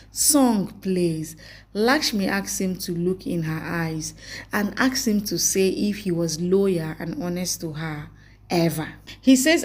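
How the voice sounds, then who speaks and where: A woman reading a scripted recap of a TV series episode, with a plain reading of the dialogue as reported speech. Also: on the low side.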